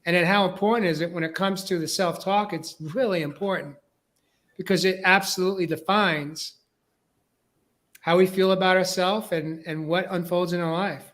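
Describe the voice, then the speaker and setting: High-voiced host from New York. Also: male voice, steady tone, moderate pace, fairly bright tone. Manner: rambling, repeats words while building points. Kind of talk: casual podcast discussion.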